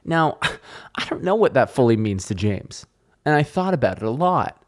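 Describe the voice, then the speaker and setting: A young man talks alone into his podcast mic in a loose, rambling way. He pokes fun at himself and swears freely. His voice sits at an ordinary middle pitch. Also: very animated, normal speed. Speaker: podcast host. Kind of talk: casual solo podcast talk.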